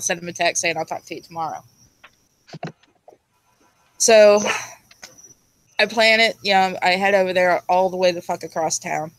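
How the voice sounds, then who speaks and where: A woman's voice: lowish voice, poor audio. A woman telling a crude personal story in casual chat, blunt and laughing as she acts out what others said. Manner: blunt, crude and laughing, acting out quoted speech. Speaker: storyteller guest.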